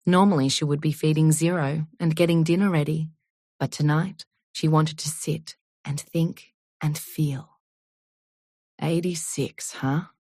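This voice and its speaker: A woman reading an audiobook in a measured, unhurried storytelling manner. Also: low voice, steady tone, darkish tone, no room sound, clean studio sound. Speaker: audiobook narrator. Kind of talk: scripted audiobook narration.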